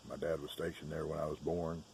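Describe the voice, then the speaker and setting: A man's voice: rumbling low, level tone, brisk, gravelly, darkish tone, a little hiss or hum. A middle-aged man with a Southern Georgia accent, casually telling stories in a chatty, folksy way on his farm. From Southern United States. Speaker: farm vlogger. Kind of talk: casual storytelling chat. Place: outdoors on a rural farm.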